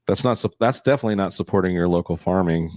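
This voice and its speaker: A man's voice: deep voice, quick pace, darkish tone, dry recording, clean studio sound. Teasing man hosting a live stream. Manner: teasing, joking banter. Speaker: host and artist of a live sketching stream. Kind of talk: casual chat.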